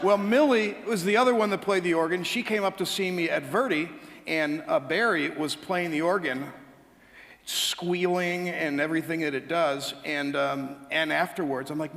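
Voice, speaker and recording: Guy pastor telling funny stories in a sermon, higher voice, echoey church hall. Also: normal speed, gravelly. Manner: humorous storytelling, animated asides to congregation. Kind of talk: sermon with anecdotes. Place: church sanctuary.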